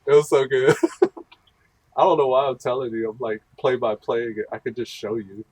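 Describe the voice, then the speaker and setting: A man's voice: medium pitch, normal speed, a little mellow, husky, dry recording. A man hosting a gaming channel, rambling through casual gameplay commentary and laughing often.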